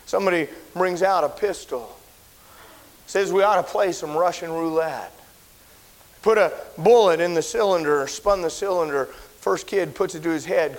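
A man preaching a sermon as pastor, telling a story with loud, emphatic bursts and then dropping to a hushed, pleading tone in prayer. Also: on the high side, a little hiss or hum, low-quality recording.

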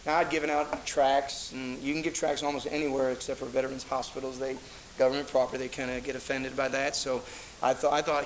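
A middle-aged man preaches as a pastor in a slightly high, bright, forceful voice at a brisk pace. He tells stories in a rambling, anecdotal way, restarting often, in a low-quality recording with slight background noise.

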